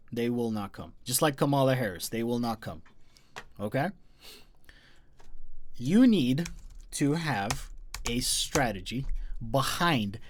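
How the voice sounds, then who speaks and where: A man hosting a live marketing session, talking emphatically and repeating his key points with big swings in loudness. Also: a little high. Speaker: host.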